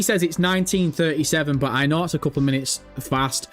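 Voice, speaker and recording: Young male stream host, higher voice, jittery and sweary, faint music bed. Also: fast talker. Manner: excitable, profane, chatty. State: nervous. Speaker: livestream host. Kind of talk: casual live-stream chat.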